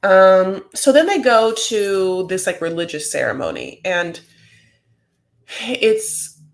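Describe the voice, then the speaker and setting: A man's voice: sits high, sing-song, slow pace, gravelly. A man hosting a comedic reality TV recap, talking in a rambling, campy way full of fillers.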